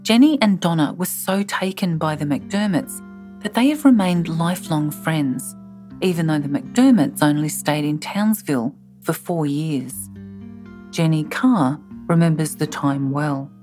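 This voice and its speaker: A woman hosting a documentary podcast, reading scripted narration in a measured, earnest way. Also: deep voice, a little mellow, soft background music.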